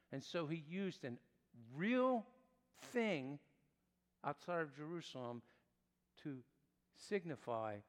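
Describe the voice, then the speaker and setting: Male pastor, sermon delivery, emphatic and dynamic, fairly high voice, long room reverb. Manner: emphatic preaching with wide swings in pitch and loudness.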